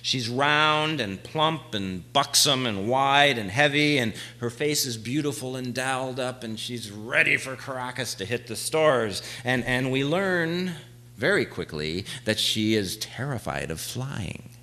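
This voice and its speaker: A man performing a live stage monologue, telling an adventure story dramatically, swinging from hushed to shouting. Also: mid-range voice, animated, measured pace, rough recording. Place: small theater stage.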